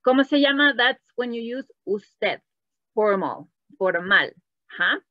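A woman's voice: high-pitched, normal speed, dry recording. Woman teacher leading a live web class, bilingual, sound slightly dull and dry. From Latin America. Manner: switches between English and Spanish, quizzing the chat. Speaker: Spanish teacher. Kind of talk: live online language class.

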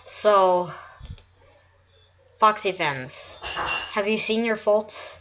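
A woman's voice: mid-range voice, extremely slow, long pauses, sharp tone, lo-fi sound. A woman talking sarcastically and mockingly as she rants in a vlog. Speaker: YouTuber. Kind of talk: ranting vlog commentary.

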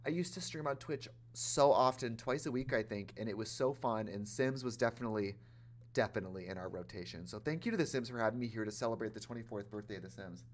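A man hosting a casual gaming livestream, chatty and animated, talking straight to his chat in a campy, playful way. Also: fairly low pitch, quick pace, a little hiss or hum. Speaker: livestream host playing a life-sim game.

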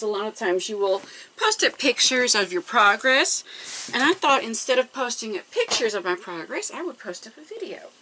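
A woman's voice: on the high side, fairly bright tone, a little hiss or hum, rough recording. A woman hosting a quilting tutorial, talking through each step casually and counting measurements aloud as she works. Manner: talks to herself while working, counting measurements aloud. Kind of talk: casual step-by-step craft demonstration.

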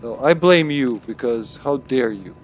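Slightly slow but animated, this Russian-accented man's mid-range voice carries over a bit of background noise. He's streaming a co-op game and casually joking around with his teammate.

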